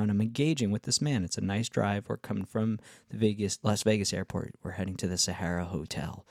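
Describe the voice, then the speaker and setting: A man's voice: lowish voice, normal speed, vocal fry, a little mellow, dry recording, clean studio sound. A man telling a travel story in a casual, rambling way, full of fillers and cheerful swearing. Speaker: travel vlogger.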